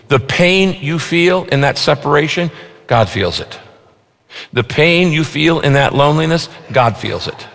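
A man preaching a sermon as pastor in a large church. He stresses points through repetition, rises for emphasis, then drops low and slow. His voice carries a long reverb from the hall. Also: expressive, gravelly, a bit bright.

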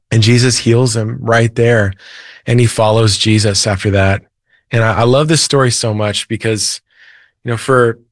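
A man's voice: lowish voice, dry recording, studio quality. A man, a preacher and author, earnestly retelling a Bible story as an interview guest.

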